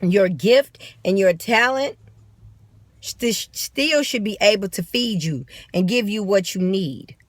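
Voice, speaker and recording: A woman's voice: medium pitch, expressive, slow pace, dry recording. A woman with a St. Louis accent giving blunt, profane, emphatic motivational talk in a vlog, recorded on a phone. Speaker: vlogger.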